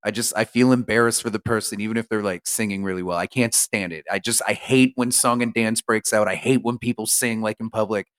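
A man co-hosting a podcast, joking and swearing, with animated mocking impressions. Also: fairly low pitch, fairly quick, hardly any pauses, smooth. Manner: animated, jokey, swears, mimics voices. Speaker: podcast co-host. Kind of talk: casual chat.

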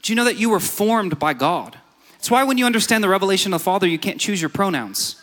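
Young guy preaching, kinda high voice, long echo like a church hall. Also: expressive, quick pace, a bit bright. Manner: storytelling, builds to emphatic exhortation. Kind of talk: sermon. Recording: reverberant hall.

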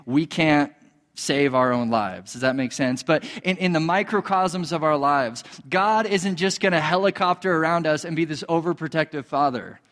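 A man preaching a sermon as a pastor, animated, acting out quoted voices. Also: in a large hall. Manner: animated, acts out quoted voices in a higher pitch.

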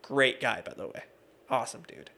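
A man in his thirties, appearing as a guest on an interview show, is an MMA referee and judge. His mid-range voice is animated and sharp, at a normal pace, as he tells casual stories in a chatty, laughing way full of fillers.

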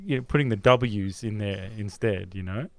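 A man's voice: fairly low pitch, normal speed, vocal fry. A man co-hosting a podcast, chatting casually about films in a rambling way with many restarts. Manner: rambling, many restarts, animated when retelling scenes. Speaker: podcast co-host. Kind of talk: casual film discussion.

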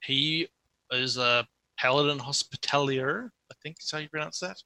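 A man's voice: a little high, fairly even intonation, moderate pace, sharp tone, clear, resonant tone, no room sound. A man narrating as game master of a tabletop game, setting scenes in a loose, descriptive way.

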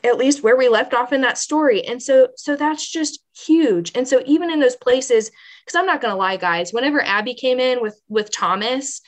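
Female podcast guest with a slightly high voice, earnest and animated, heartfelt storytelling. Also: moderate pace. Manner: animated, earnest, lots of "like" and "you know". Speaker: pregnancy center manager, podcast guest. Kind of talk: emotional personal storytelling on a podcast.

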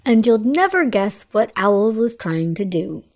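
A woman hosting a children's story hour, reading a bedtime tale in a slow, sing-song, drawn-out way and asking playful questions of her young listeners. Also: mid-range voice, sing-song, darkish tone.

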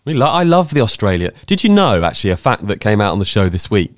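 A man's voice: lowish voice, sing-song, fast, no echo, clean studio sound. A man co-hosting a podcast from home, joking and teasing in casual chat with frequent restarts. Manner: jokey, teasing, trails off in restarts. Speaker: podcast co-host. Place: home, room being decorated.

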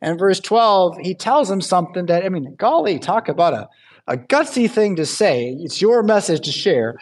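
A man preaching a sermon in a church with a fairly high voice. His delivery is loose and conversational, with asides and frequent checks for agreement. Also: sing-song, normal speed. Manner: chatty asides, checks in with "right?" and "yeah?". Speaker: pastor.

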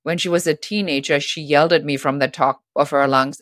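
A middle-aged woman guest on a podcast, telling stories in a lively way and acting out the voices of people she quotes. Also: low voice, a little fast, no echo, studio quality. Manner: animated, acts out quoted voices. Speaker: guest author. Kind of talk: storytelling interview talk.

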